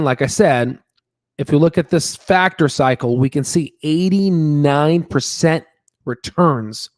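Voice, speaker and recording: A man's voice: on the high side, a little mellow, dry recording, clean studio sound. A man hosting a stock market channel, talking casually and emphatically, repeating himself with lots of fillers and "okay?" tags. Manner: emphatic, repeats words, many fillers and tag questions. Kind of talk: casual stock analysis talk.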